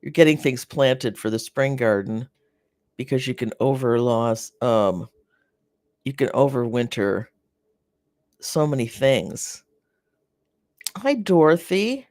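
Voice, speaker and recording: Casually hosting a live garden chat, a North American speaker reads viewer comments with a rambling, stop-start delivery packed with fillers and restarts, showing sympathy for the viewers. The voice is medium in pitch, very animated, and a little mellow, captured at studio quality with no room sound.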